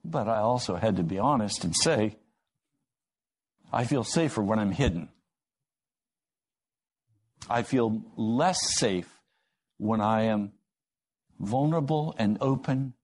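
A man's voice: expressive, slow pace, pauses often, darkish tone. Guy giving a sermon, tells stories and acts out the dialogue, voice jumps up on the quotes. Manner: storytelling, acting out quoted dialogue with rising pitch. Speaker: preacher.

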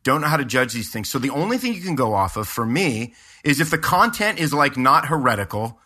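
A man's voice: medium pitch, big pitch swings, brisk, sharp tone. A man, a pastor and podcast co-host, chatting casually and rambling through a story with lots of fillers and restarts. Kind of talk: casual chat.

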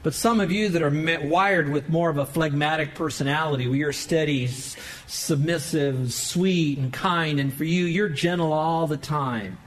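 A male pastor preaching a sermon in church, emphatic, with sudden swells of pitch and volume. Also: moderate pace, few pauses, fairly bright tone, rough recording. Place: church sanctuary.

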